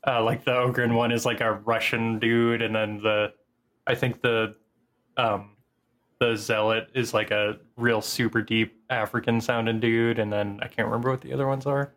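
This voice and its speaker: A man's voice: mid-range voice, flat delivery, moderate pace, a bit bright. A man co-hosting a gaming podcast over an online call, talking bluntly and crudely and rambling with lots of fillers. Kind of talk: casual chat.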